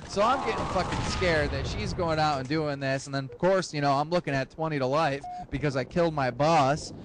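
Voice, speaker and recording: Young guy telling a wild story, swears a lot, high voice. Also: fairly quick, background noise. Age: young adult. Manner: profane, rambling and excitable. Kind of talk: comic storytelling.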